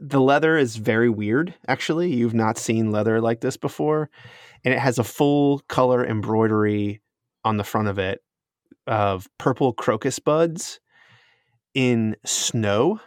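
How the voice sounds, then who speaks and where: A man's voice: medium pitch, unhurried, no echo, clean studio sound. Easygoing man narrating as game master. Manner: descriptive, easygoing, laughs often.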